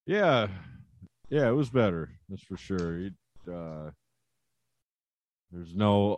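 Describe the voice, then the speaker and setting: A man co-hosting a casual podcast chat, relaxed and rambling with lots of fillers. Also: lowish voice, slow, pauses often, dry recording, muffled recording. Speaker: podcast co-host. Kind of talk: casual wrestling review chat.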